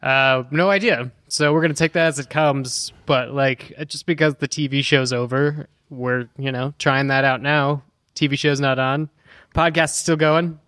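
A man co-hosting a podcast in casual chat, joking and pausing often with fillers. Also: medium pitch, steady tone, fairly bright tone, no room sound, studio quality. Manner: joking, halting with many fillers. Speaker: podcast co-host.

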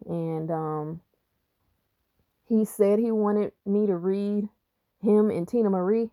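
A woman's voice: medium pitch, slow pace, long pauses, dark tone, no room sound. A woman who is a spiritual reader, talking on her podcast in a rambling, profane, emphatic way. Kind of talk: casual podcast monologue.

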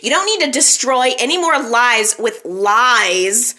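A woman's voice: high voice, expressive, unhurried, few pauses, pushed and bright. A woman hosting a casual recap podcast, chatting animatedly and talking straight to her listeners. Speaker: soap opera recap podcast host.

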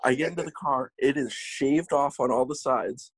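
Young New guy, twenties, husky, swearing storyteller for a chatty show. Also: medium pitch, moderate pace, dry recording, poor audio. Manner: rambling, profane, laughing storytelling. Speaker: podcast host. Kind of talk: casual storytelling chat.

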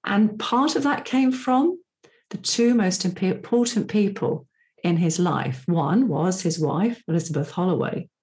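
A woman's voice: medium pitch, a little slow, darkish tone. A middle-aged woman hosting a solo podcast, talking in a chatty, personal way with asides as a profiling coach. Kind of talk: casual solo podcast talk.

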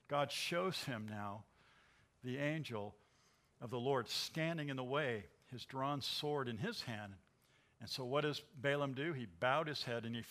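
An older man preaching a sermon, retelling a Bible story in an animated way and chuckling often. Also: medium pitch. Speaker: pastor.

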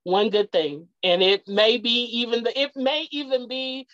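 A woman's voice: on the high side, moderate pace, a bit bright, dry recording. A woman speaking as a guest in a heartfelt conversational interview, earnest and repeating her key phrases for emphasis. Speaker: guest, parent. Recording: dull lo-fi dry sound.

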